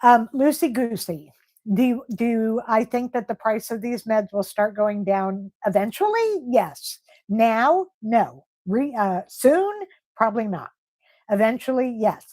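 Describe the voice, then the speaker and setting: A woman's voice: a little high, measured pace, darkish tone. A woman hosting a casual live stream, reading viewer comments aloud and answering them with gushing, emotional praise. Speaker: livestream host.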